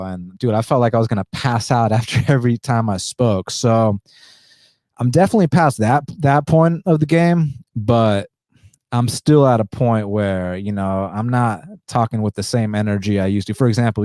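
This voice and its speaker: A podcast host, a man, talking in a subdued indoor voice, short of breath and pausing for deep breaths, blunt and profane. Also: warm tone, dry recording, studio quality. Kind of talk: casual podcast monologue.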